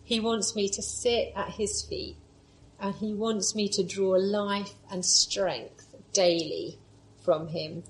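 Expressive woman preaching a sermon. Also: medium pitch, slow, slight background noise, rough recording. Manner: expressive, moves between lively storytelling and soft, hushed reflection.

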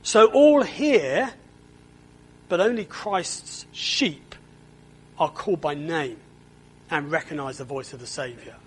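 A man preaches a sermon with a high voice, pacing his words slowly and deliberately. He sounds earnest and doubles back on words as he presses each point home. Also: expressive, a little hiss or hum, poor audio. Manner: earnest, repeats words when stressing a point.

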